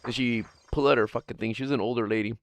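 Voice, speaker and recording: A man's voice: medium pitch, fairly even intonation, very fast. A man streaming live, chatting casually in a rambling, profane way and laughing often as he answers chat. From Guam.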